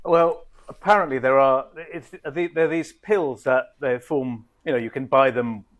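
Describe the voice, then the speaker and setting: A man's voice: medium pitch, unhurried. A man telling a story on a podcast panel in a wry, amused way. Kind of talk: casual panel chat.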